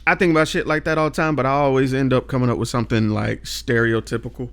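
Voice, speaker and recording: A man's voice: mid-range voice, steady tone, fast, fairly bright tone, clear, resonant tone. A young man hosting a casual chat, talking in laid-back slang, laughing often and reciting lines of poetry. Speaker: podcast host.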